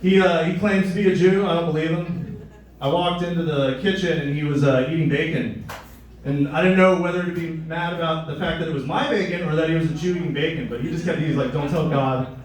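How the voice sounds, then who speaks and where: Young male comic, deadpan and crude, slightly high voice, boomy distant live-room sound. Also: fast talker. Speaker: stand-up comedian. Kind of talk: stand-up comedy set. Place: live comedy venue. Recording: echoey room, mic at a distance.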